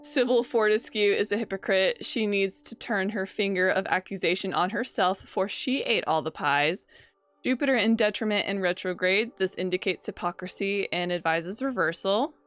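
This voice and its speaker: A woman's voice: mid-range voice, normal speed, fairly bright tone, soft background music. A woman doing casual gameplay commentary, wryly reading game text aloud. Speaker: game streamer.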